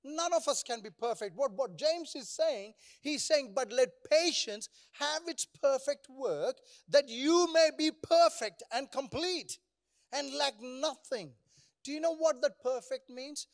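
A man with a very high-pitched voice preaches a sermon as pastor. He drives his points with rhetorical questions and prompts the congregation to answer back.

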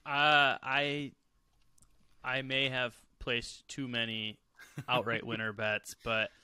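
A man co-hosting a casual sports podcast, explaining things in a relaxed way with frequent filler pauses. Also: mid-range voice, clear, resonant tone, dry recording, studio quality. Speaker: podcast co-host.

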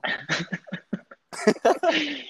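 A man telling a story in lively tones. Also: very high-pitched, very slow. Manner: laughs often while telling the story. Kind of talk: casual storytelling.

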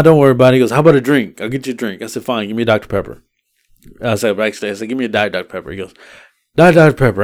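A man's voice: mid-range voice, no room sound, studio quality. Profane man telling a story casually. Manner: animated, profane, acts out other people's lines. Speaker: podcast host.

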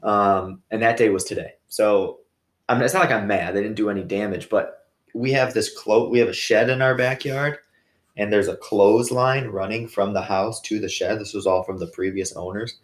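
A man's voice: on the low side, normal speed, reverberant. A young adult man hosting a casual solo podcast, telling stories in a joking, self-deprecating way. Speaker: podcast host.

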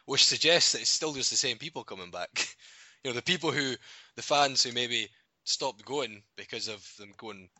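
A man's voice: mid-range voice, expressive, normal speed, sharp tone, no echo. A Scottish man co-hosting a casual football podcast, rambling with restarts and laughing often. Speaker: podcast co-host. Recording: dull lo-fi audio.

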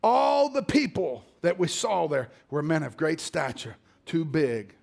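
A middle-aged male pastor preaching a sermon, dropping to low murmurs and climbing to shouted exhortation. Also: big pitch swings, normal speed, vocal fry, few pauses.

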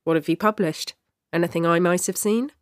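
A woman's voice: lowish voice, brisk, dry recording, clean studio sound, natural voice. A woman reading the lines of a sly young male street vendor who teases and speaks in riddles. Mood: teasing. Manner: teasing, cryptic.

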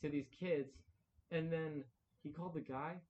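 A man's voice: on the high side, fairly even intonation, measured pace, highs cut off, slight background noise. A young man telling a long story in casual podcast chat, rambling, with many "like"s and acted-out quotes. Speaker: podcast co-host.

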